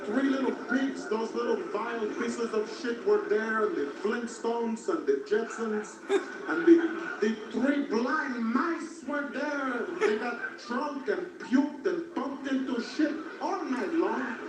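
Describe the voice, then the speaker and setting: A man doing stand-up comedy, telling a crude story in a deadpan way, recorded from far off in an echoey, noisy club. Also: extremely high pitch, slow.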